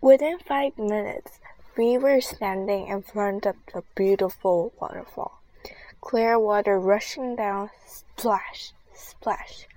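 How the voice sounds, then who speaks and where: A woman reading a first-person children's adventure story in a soft, half-whispered voice. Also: mid-range voice, slow pace, low-quality recording. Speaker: story reader.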